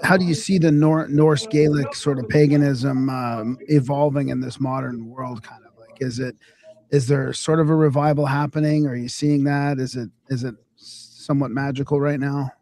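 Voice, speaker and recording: A man's voice: mid-range voice, steady tone, normal speed, a little mellow. A man hosting a podcast interview, asking questions in a hesitant way with many fillers. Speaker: podcast host. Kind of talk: conversational interview.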